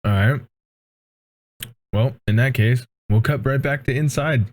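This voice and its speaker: A man's voice: mid-range voice, unhurried. A man narrating a tabletop role-playing game as game master, in a casual, profane way.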